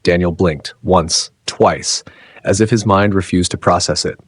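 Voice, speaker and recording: A man narrating a dramatic story in a slow, suspenseful delivery. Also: low voice, steady tone, husky, no room sound.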